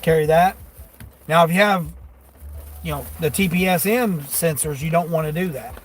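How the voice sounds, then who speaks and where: A man's voice: on the high side, normal speed. A delivery driver chatting casually on a live stream from inside his vehicle, rambling in a folksy way and chuckling often. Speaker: delivery driver livestreaming to chat.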